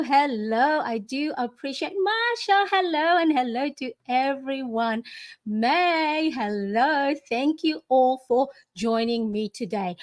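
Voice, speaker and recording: A woman in her forties hosting a planner livestream from her home desk, chatty and bubbly, greeting viewers by name. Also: high-pitched. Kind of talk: casual live-stream chat.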